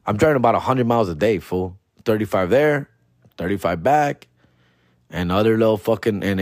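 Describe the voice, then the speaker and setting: A man hosting a comedy podcast and telling a profane, slangy story, dropping in Spanish slang and jumping high in pitch when he quotes himself. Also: dry recording, clean studio sound. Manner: jumps high in pitch for his own quoted outbursts. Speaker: podcast host.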